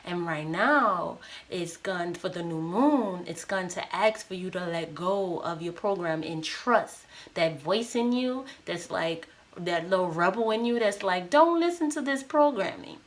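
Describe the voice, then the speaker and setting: A young woman giving a casual intuitive tarot reading who rambles, repeats words and searches for her phrasing. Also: unhurried. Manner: acts out an inner voice in a higher, livelier tone. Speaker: tarot reader.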